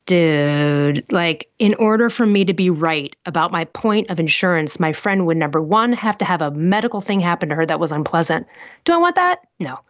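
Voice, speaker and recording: In muffled, dry podcast audio with no echo, a woman with a lowish voice speaks at normal speed in an animated way. As an interview guest she tells her stories bluntly and emphatically, throwing out rhetorical questions.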